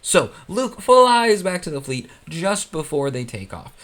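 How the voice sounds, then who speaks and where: A man narrating a comedic parody story, deadpan and playful with quick asides. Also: a little high.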